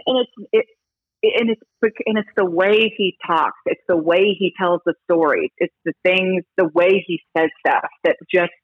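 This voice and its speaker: A woman who reports on baseball broadcasts, chatting in an interview as an animated storyteller who restarts her sentences a lot. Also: lowish voice, slightly rough, dry recording, phone-quality sound. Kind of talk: casual interview talk.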